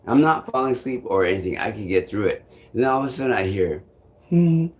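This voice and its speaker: A man with a somewhat low voice talks straight to his vlog audience. He rambles through a personal story, loops back on himself with "I'm like," swears casually and chuckles along the way. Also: quick pace. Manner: meandering, repeats "I'm like", swears freely, chuckles often. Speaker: vlogger.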